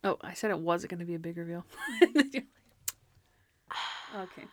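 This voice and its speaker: A woman co-hosting a casual review chat, animated and acting out scenes in put-on voices. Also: lowish voice, normal speed, no room sound. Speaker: podcast co-host reviewing episodes.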